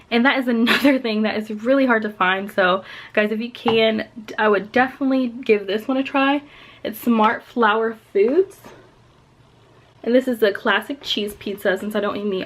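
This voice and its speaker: A woman's voice: fairly high pitch, a bit bright. A young woman vlogging casually to camera, chatty and enthusiastic about her favorite snacks. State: out of breath. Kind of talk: casual product talk to camera.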